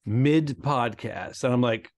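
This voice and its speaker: A man's voice: medium pitch, slow. A man from Rhode Island with a New England accent, co-hosting a comedy podcast in casual banter, dry and teasing. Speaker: podcast co-host.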